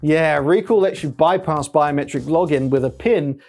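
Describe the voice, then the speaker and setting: A man's voice: a little high, moderate pace, gravelly, a little mellow, soft background music. A man hosting a satirical comedy tech news show, talking sarcastically and mocking his subject. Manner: sarcastic, mocking, with many put-on silly voices.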